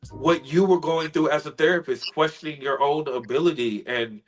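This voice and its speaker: A man's voice: a little high, faint music behind, low-quality recording. A man, a spoken word poet and guest, earnestly telling a heartfelt personal story on a video call. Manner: earnest, emotional, measured storytelling.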